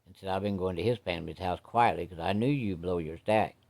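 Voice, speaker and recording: Soft-hearted daughter, quiet, pleading, low and hushed, as a storyteller voices her. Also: fairly quick, creaky. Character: soft-hearted grown daughter, young mother.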